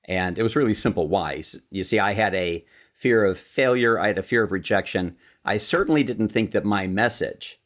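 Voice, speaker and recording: A man's voice: fairly low pitch, moderate pace. A man from Chicago, a sales speaker and author, telling stories as a podcast guest and acting out the quotes. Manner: lively storyteller who acts out quotes. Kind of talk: storytelling in a podcast interview.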